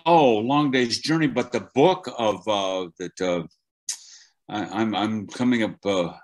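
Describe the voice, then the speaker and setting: A man's voice: on the low side, a little slow. An older man, a voice acting teacher, talking animatedly as an interview guest, with frequent restarts. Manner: animated storyteller, many restarts. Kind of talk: conversational interview.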